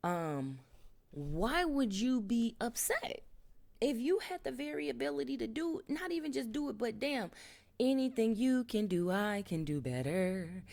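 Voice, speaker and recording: A woman's voice: a little high, sing-song, a little slow, gravelly, darkish tone. A woman vlogger giving an unscripted spiritual monologue at home, emphatic and profane, often dropping into whispers. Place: home with a TV nearby.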